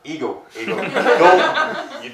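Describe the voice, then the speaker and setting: A man's voice: sits high, big pitch swings, slow, over a noisy crowd. Young Northern Irish male comic, crude self-mocking patter; distant roomy live recording, audience laughs behind. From Northern Ireland. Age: 20s. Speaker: stand-up comedian. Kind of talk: stand-up comedy set. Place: comedy venue with a live audience.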